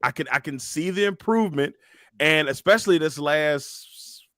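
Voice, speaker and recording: Animated man retelling wrestling moments. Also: fairly high pitch, moderate pace, no echo, studio quality. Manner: animated storyteller, acts out quotes and entrance music. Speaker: podcast co-host. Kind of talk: casual wrestling chat.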